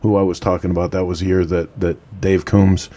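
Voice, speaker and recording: Deep-voiced, laid-back male show host. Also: little pitch movement, fairly quick, dark tone. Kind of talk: casual live-stream chat.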